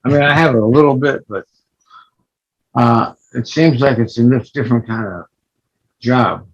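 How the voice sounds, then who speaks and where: An older man, an actor and guest, talking in a low-key, halting way with many pauses in a casual interview. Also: slightly rough, dull audio.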